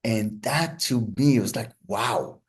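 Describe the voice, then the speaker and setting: A man's voice: lowish voice, normal speed. A man being interviewed as a hostage negotiator, telling stories reflectively with frequent restarts. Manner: thoughtful, many restarts, relaxed storytelling pace.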